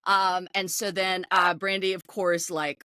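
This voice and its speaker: A young adult woman co-hosting a casual podcast, retelling scenes with lively quick impressions. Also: lowish voice, smooth, no echo. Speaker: podcast co-host. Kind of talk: casual chat.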